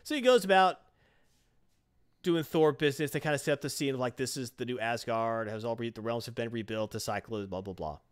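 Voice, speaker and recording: A man's voice: medium pitch, smooth. A man hosting a casual chat, animatedly retelling a comic and acting out its lines. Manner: animated retelling, acts out dialogue in quick voices. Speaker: podcast host recapping a comic.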